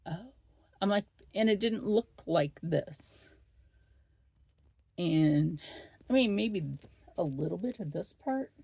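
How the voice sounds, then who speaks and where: A middle-aged woman talks slowly in a chatty, blunt vlog. Her voice is gravelly with fry, and the sound is close and dry. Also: fairly low pitch, animated, no room sound, lo-fi sound. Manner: chatty, blunt, swears freely. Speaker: vlog host. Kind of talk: casual chat.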